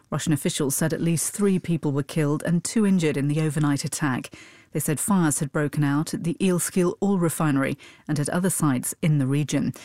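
A woman newsreader reading a formal news bulletin in a measured, even delivery. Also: low-pitched, no room sound, clean studio sound. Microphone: studio microphone.

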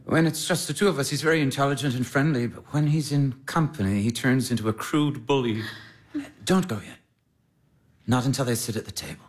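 A man's voice: medium pitch, a little fast, natural voice. A man playing an earnest young baron in love. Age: young adult. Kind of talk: stage drama acting.

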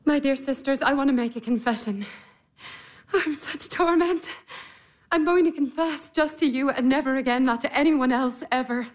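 An actress playing a passionate sister confessing a forbidden love in a classic stage drama, urgent and impassioned. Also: female voice, high voice, moderate pace, lightly acted.

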